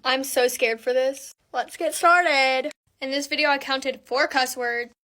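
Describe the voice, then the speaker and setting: High-voiced exasperated young woman. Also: steady tone, unhurried, sharp tone. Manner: exasperated, dramatic self-scolding, counting aloud. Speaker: beauty creator. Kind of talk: makeup tutorial voice-over.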